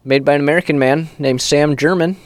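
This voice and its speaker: A man's voice: on the high side, quick pace, dry recording. Chatty man co-hosting a podcast. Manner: chatty, animated storyteller. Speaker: podcast co-host. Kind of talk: casual chat.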